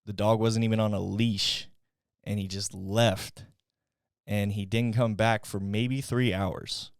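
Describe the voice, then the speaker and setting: A young man with a lowish voice chats casually as a podcast co-host and swears freely as he tells a story. The sound is dry and close. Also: flat delivery, slow pace, clean tone, dry recording. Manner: swearing, storytelling, laughs often. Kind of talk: casual chat.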